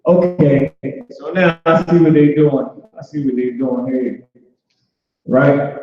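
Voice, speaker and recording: A man's voice: little pitch movement, slow pace. Casual man teaching over an echoey call. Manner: loose, conversational, repeats "boom" and restarts often. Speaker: class teacher. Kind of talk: informal online language class. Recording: echoey, dull online call audio.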